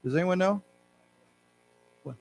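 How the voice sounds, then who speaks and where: Male English teacher at a library talk, slightly high-pitched, explains words and has the class repeat them. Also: measured pace, vocal fry, soft background music. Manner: explains word meanings, leads class repetition. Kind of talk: live English lesson for learners. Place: library lecture room.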